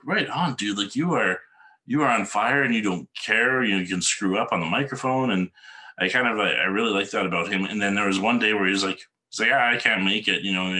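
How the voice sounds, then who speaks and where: A man hosts a casual podcast interview, easygoing and rambling, with a ready laugh. His voice is lowish but sharply bright and forward in tone. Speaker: podcast host.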